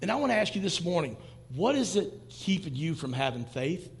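High-voiced male pastor in a reverberant hall. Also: sing-song, fairly quick. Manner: conversational preaching with quoted asides. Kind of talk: sermon. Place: church sanctuary.

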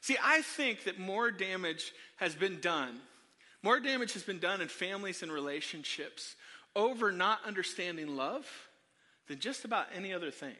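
A middle-aged pastor preaches with animated, self-deprecating storytelling, often turning to the crowd. His voice sits high for a man and sounds bright and sharp, with long reverb from a large church hall. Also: normal speed. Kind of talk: sermon with personal storytelling.

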